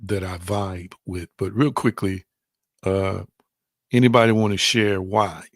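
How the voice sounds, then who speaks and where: Gravelly low-voiced man teaching spirituality. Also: fairly even intonation, unhurried, dry recording, clean studio sound. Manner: repeats phrases, questions viewers and reads their comments aloud. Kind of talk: live-streamed spiritual teaching.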